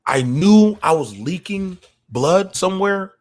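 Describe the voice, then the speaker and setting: Man, veteran caller, higher voice, halting, swears a lot, emotional storytelling. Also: lively intonation. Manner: halting, profane, with restarts. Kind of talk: emotional first-person storytelling.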